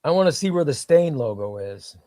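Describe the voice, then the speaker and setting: A man's voice: on the high side, sing-song, brisk, dark tone, no echo, studio quality. A man hosting a casual comics livestream, reading viewer comments in an enthusiastic, rambling way.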